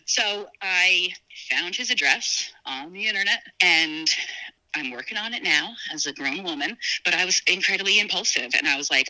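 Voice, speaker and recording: Guest storyteller: woman from New Jersey, very bright and sharp-toned, lively, mimics others' voices mid-story. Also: moderate pace, low-quality recording. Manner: animated, acts out quoted dialogue with big pitch jumps. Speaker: podcast guest. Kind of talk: casual personal storytelling.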